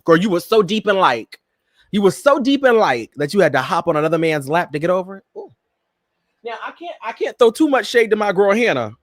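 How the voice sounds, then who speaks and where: A man's voice: a little high, dry recording, studio quality. A man hosting a casual pop-culture commentary show, sassy and campy, talking to his listeners like old friends. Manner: sassy, campy, animated, addresses listeners as "girl" and "Miss Thing". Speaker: podcast host.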